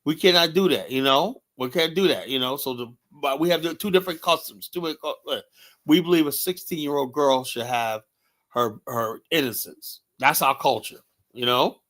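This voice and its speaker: A man's voice: medium pitch, normal speed, fairly bright tone. A man with a New York accent hosting a heated discussion, talking emphatically and asking rhetorical questions. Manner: emphatic, rhetorical questions, frequent "you know". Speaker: host.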